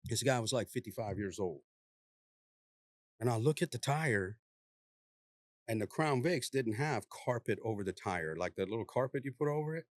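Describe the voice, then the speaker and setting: Animated storytelling man, dry sound. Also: mid-range voice, normal speed, long pauses, no echo. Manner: animated, acts out the people he quotes in a raised voice. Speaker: police officer telling a story. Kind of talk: casual storytelling in a podcast conversation.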